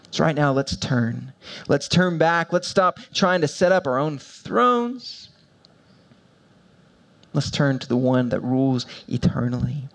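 A man preaching a sermon, moving between quiet, low passages and loud, high-pitched emphasis, with repeated building phrases. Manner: repetitive, building rhetorical preaching. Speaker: pastor.

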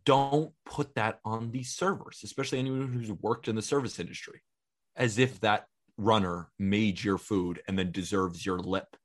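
Blunt young podcast co-host. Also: male voice, fairly low pitch, steady tone, moderate pace. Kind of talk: casual chat.

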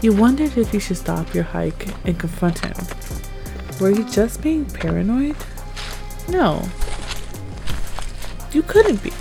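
A woman narrating a tense second-person audio story in a measured way. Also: medium pitch, big pitch swings, creaky, poor audio. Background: music.

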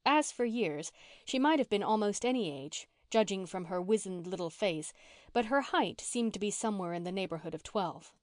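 A woman's medium-pitched voice carries a scripted audiobook reading of a classic novel, delivered in an even, measured storytelling tone. There's no room sound, just clean studio audio.

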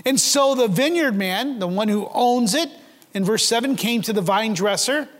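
High-voiced preacher in a reverberant hall. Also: male voice, moderate pace. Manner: earnest, asks rhetorical questions, repeats words when starting a phrase. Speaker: pastor. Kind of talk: sermon. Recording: long reverb of a large hall.

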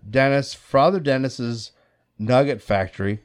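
A laid-back man hosting a podcast, trading loose, profanity-laced banter with friends. His voice sits at an ordinary pitch for a man, and his talk is relaxed and unhurried. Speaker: podcast host. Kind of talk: casual chat.

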